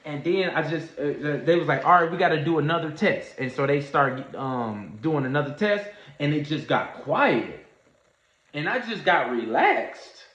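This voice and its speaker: A man telling a story in a casual livestream, animated and slangy, acting out what others said. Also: fairly high pitch, normal speed. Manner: animated storyteller, acts out quoted voices, Southern US slang. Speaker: trading streamer. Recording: echoey room, dull lo-fi sound.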